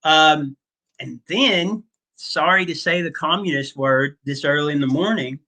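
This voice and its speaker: A male history teacher lecturing his class in a loose, joking manner. He talks slowly, with plenty of fillers and asides. His voice sits high and sounds bright. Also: rough recording. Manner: casual, joking, many fillers.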